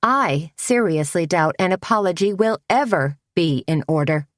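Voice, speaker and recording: A woman's voice: lowish voice, expressive, moderate pace, dry recording, clean studio sound, close to an everyday voice. A woman voicing Lenore, a haughty committee member who talks in a stiff, disapproving way.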